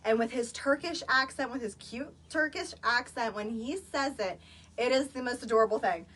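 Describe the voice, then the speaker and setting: A woman's voice: on the high side, moderate pace, a bit bright, husky. A woman chatting casually on a phone livestream, showing products to viewers with lots of filler words. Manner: chatty, filler-heavy, addresses viewers as "you guys". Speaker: social-selling vlogger. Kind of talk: casual live product demo. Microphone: phone, live stream.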